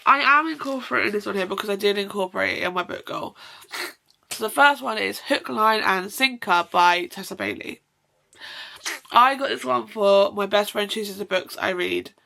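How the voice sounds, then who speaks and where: Gushing woman with a bright, gravelly voice. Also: mid-range voice, moderate pace. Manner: rambling, effusive, self-interrupting with apologies. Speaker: book vlogger. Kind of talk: casual chatty book review.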